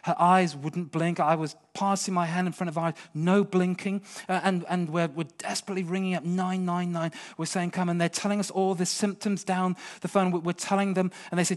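Impassioned British man preaching. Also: high-pitched. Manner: impassioned, swings from hushed to pleading. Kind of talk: sermon.

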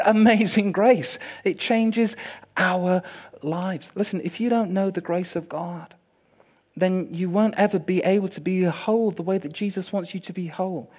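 A man preaching with a fairly high voice and lots of drama. He drops to a near hush, then builds to loud, fervent peaks. A colors his delivery. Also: moderate pace, breathy edge. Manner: swings from hushed to loud, impassioned and dramatic. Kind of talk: sermon.

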